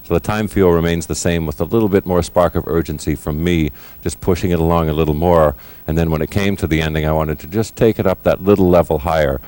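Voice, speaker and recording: A middle-aged man in a recording studio, explaining drum fills in a measured, thoughtful way. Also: deep voice, a little mellow. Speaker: drummer giving a lesson. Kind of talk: instructional explanation.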